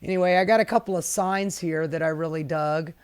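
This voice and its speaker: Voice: medium pitch, brisk, clean tone. A host giving casual commentary while reading protest signs aloud, sassy and profane, laughing often.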